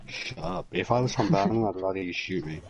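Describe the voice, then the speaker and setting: Low-voiced man from northern England, blunt and exasperated in friendly banter. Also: very animated, quick pace, gravelly, noisy background. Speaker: roleplay streamer. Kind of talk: casual chat.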